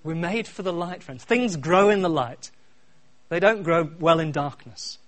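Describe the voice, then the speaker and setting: A middle-aged man preaching a sermon, swinging from quiet asides to loud, repeated refrains. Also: a little high, measured pace. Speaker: pastor.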